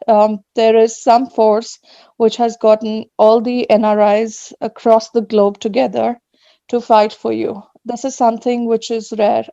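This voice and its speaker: A woman speaking earnestly and with emotion at an online rally, pausing as she is moved. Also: fairly high pitch, mellow, dry recording. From Australia. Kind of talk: emotional public statement. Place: home at night. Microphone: video call. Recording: muffled video-call audio.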